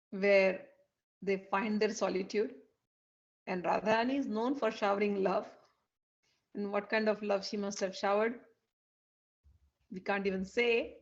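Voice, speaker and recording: A woman narrating a devotional story in a chatty, animated way. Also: medium pitch, highs cut off.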